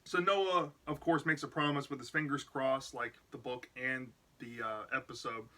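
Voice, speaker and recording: A man's voice: mid-range voice, steady tone, moderate pace, pushed and bright. A man casually retelling a book's plot as a reviewer, rambling with lots of "like" and "you know". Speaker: book reviewer.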